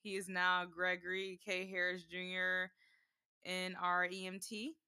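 A young woman chatting on a podcast in a bright, clean voice, close and dry on the mic. She sounds upbeat and teasing with her co-host. Her talk runs quick and warm with friendly asides. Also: fairly low pitch, completely flat delivery, clear, resonant tone, dry recording. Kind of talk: casual chat.

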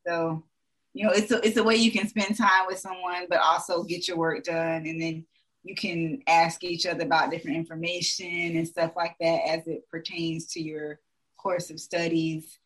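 A woman's voice: lowish voice, flat delivery, moderate pace, fairly bright tone, poor audio. A young adult woman, a dentist, talking frankly in a casual podcast chat, full of "like" and "you know".

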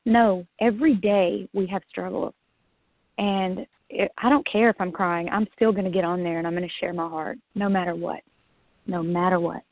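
A woman guest with a fairly low-pitched voice recounts her own story at a moderate pace in a casual interview, animatedly acting out her earlier remarks and laughing frequently. Her line sounds dry and phone-like, free of room sound.

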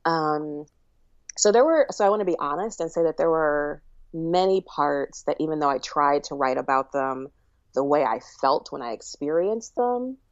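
A woman's voice: sits low, expressive, normal speed, dry recording. A woman author being interviewed, speaking thoughtfully and candidly and laughing easily. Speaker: author and guest. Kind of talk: casual interview chat. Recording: dull, dry lo-fi audio.

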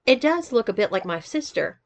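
A woman's voice: on the high side, sing-song, moderate pace. A woman voicing a nervous young man who stammers and defends himself as he is questioned. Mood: flustered. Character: flustered young man, the story's narrator, hiding a past.

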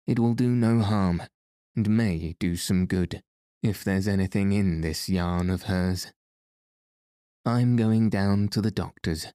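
A stern, practical older aunt from a storybook , voiced by a man. Her voice is low and mellow, with a slow, firm pace. It is recorded close and dry. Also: clean tone, no room sound. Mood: brisk. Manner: stern, brisk.

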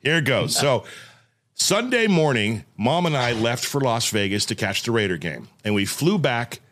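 A man's voice: mid-range voice, big pitch swings, normal speed, a bit bright, a little hiss or hum. A man in his forties telling a family story in a casual chat, acting out the voices of others as he goes. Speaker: podcast co-host.

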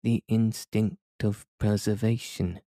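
Slow deep-voiced bedtime narrator man. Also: no room sound, clean studio sound. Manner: calm, soothing. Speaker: sleep podcast narrator. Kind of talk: scripted bedtime story reading.

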